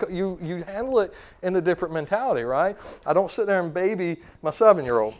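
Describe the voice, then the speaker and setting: A man in his thirties gives a relaxed training seminar in a slightly high voice. He chats more than lectures, restarts sentences and tosses questions to the room. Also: fast talker. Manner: casual, quizzes the audience, many fillers and restarts. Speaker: dog trainer. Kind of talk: seminar talk to clients.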